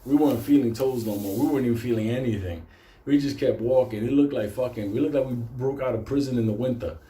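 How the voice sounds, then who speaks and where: A man telling a comic personal story in a casual, animated way, swearing constantly. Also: medium pitch, fast, echoey room. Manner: heavy swearing, animated retelling.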